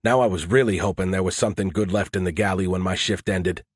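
A man's voice: deep voice, steady tone, fast talker, dry recording. A man narrating a first-person audiobook in a dry, wry, matter-of-fact way.

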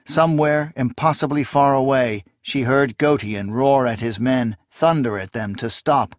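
A man narrating a dark fantasy audiobook in a measured storytelling voice. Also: medium pitch, dry recording, clean studio sound.

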